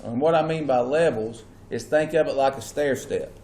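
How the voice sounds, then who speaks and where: A man's voice: mid-range voice, moderate pace, a little mellow. A man teaching a class, explaining step by step and often asking students whether they follow. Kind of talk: classroom lecture. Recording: echoey classroom with faint hum.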